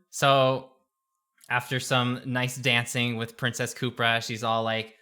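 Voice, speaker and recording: Male tabletop player, middle pitch, unhurried, ponders out loud. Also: level tone, clear, resonant tone. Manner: thoughtful, musing with hums and pauses. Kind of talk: casual role-play chat.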